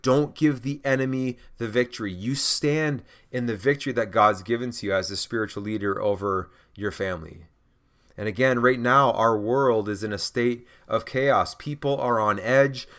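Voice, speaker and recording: Earnest guy hosting a faith podcast, pushing his listeners hard, ordinary middle pitch. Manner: earnest, urging, addresses listeners as gentlemen. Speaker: podcast host. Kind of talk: exhorting faith podcast monologue.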